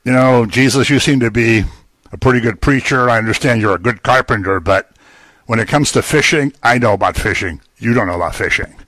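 A man voicing a blunt, brash fisherman who talks back with gruff bluster. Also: mid-range voice, fairly quick, fairly bright tone, lightly acted. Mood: scoffing.

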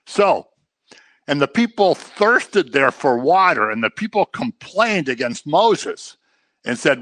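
A man's voice: a little high, slow, no room sound. A man teaching a casual Bible class, acting out quotes in voices and joking with his listeners. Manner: animated, acts out quotes in voices, jokes with the class.

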